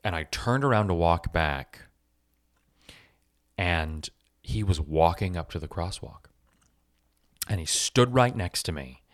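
A man with a low, deep voice tells a personal story with animated, self-mocking energy and casual swearing. The sound is dry and close, with almost no room around him. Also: takes it slowly, pauses often, no echo. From Los Angeles.

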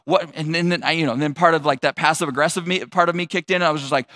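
A male pastor giving a conversational sermon, telling a personal story with animated asides. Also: fairly high pitch, racing, hardly any pauses.

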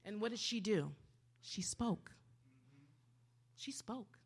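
A woman preacher giving a sermon, swinging dramatically from hushed to loud. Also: mid-range voice, lively intonation, slow, long pauses, slightly rough.

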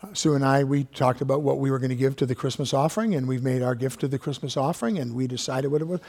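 A man preaching a sermon as pastor. He stretches out key words for emphasis and sometimes sinks into a hushed voice. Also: medium pitch, steady tone, fast. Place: church sanctuary. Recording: long reverb of a church hall.

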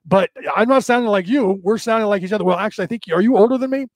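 A man in his fifties in casual chat, rambling and animated with plenty of profanity. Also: high-pitched, racing, no room sound. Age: 50s.

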